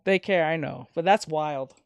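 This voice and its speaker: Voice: medium pitch, moderate pace, gravelly, clear, resonant tone, no room sound. A streamer in a casual live-stream chat, ranting with some swearing and reading chat messages aloud. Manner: animated ranting with profanity, reads chat aloud.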